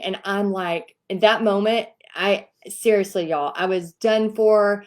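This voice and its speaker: A woman's voice: medium pitch, a little slow. A woman from Texas in her thirties, telling her own story casually to viewers and acting out the other people's lines. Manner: animated, acts out quoted voices. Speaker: host.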